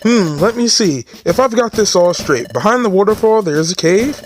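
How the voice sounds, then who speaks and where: A man's voice: sits high, lively intonation, moderate pace, over music, pitched above the performer's own voice. A man voicing a fussy, pompous male bird who serves as a guild assistant, talking in a prim, officious, lecturing way.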